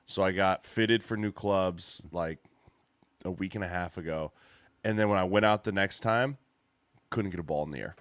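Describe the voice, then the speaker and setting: A man on a podcast, relaxed and poking fun at himself, with a somewhat low voice. The studio mic sounds dry and close. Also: normal speed, no room sound. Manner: easygoing, self-deprecating. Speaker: podcast co-host, former pro football player. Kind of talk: casual podcast chat. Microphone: studio microphone.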